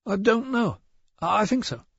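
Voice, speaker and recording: A man voicing a nervous, hoarse middle-aged male shopkeeper in an audiobook, hesitant and stammering. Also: high voice, sing-song, normal speed, fairly bright tone, no echo, muffled recording, voice pushed up, heavily acted. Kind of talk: audiobook character voice.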